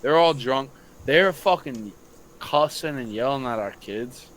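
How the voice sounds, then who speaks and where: A young high school football coach tells a long story on a casual late-night podcast, in no hurry. He swears freely and animatedly acts out what other people said.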